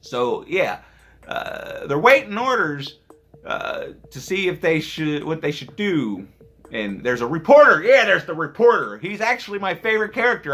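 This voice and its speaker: Brief: male movie vlogger, rambling and jokey, slightly high voice with a lot of swing. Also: fairly bright tone. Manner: rambling, joking, profane, quick asides. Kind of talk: casual rambling movie review.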